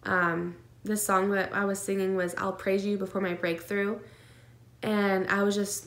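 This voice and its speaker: In an echoey room, a woman with a medium-pitched, level voice tells an emotional story at a measured pace. A vlogger sharing her twin pregnancy, she speaks earnestly and casually, with lots of fillers and nervous laughs.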